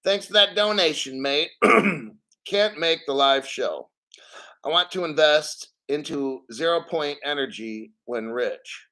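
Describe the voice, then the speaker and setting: A man a touch higher than most men, hosting a loose, rambling crypto livestream. He is a little out of breath and talks in a jokey, offhand way while reading viewer donations into a desk mic. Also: animated, slow, sharp tone.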